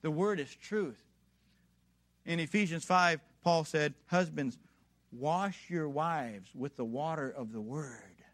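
A man's voice: a little high, slow, a bit bright. Emphatic preacher man, rising to exhortation. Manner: rhetorical questions to the congregation. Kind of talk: sermon.

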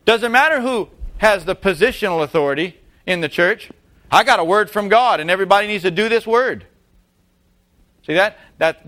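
Guy preaching, pretty high voice, keeps asking the church questions, hammers his points. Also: sharp tone. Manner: asks the congregation rhetorical questions; emphatic, repeats key phrases. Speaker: pastor. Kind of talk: sermon.

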